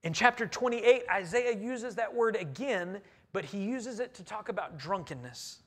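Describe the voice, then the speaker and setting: A man preaching a sermon in a church, earnest and emphatic, swinging between loud and quiet. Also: sits high, expressive, moderate pace. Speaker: pastor. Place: church sanctuary.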